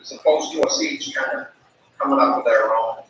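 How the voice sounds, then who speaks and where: A man's voice: medium pitch, a little fast, a bit bright. A man on a town board talking loosely and easygoing, trailing off now and then. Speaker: board member. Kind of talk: casual meeting discussion. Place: town meeting room. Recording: very echoey room, distant mic, faint noise.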